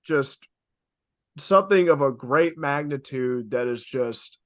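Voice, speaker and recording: A man co-hosting a casual podcast, talking in an animated, emphatic way with playful exaggeration. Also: mid-range voice, takes it slowly. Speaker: podcast co-host. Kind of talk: casual chat.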